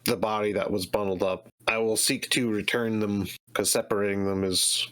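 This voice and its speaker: A man's voice: lowish voice, fairly even intonation, moderate pace, fairly bright tone, clear, resonant tone, rough recording. A man playing a character in a tabletop game, talking casually and thoughtfully with fillers. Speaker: player.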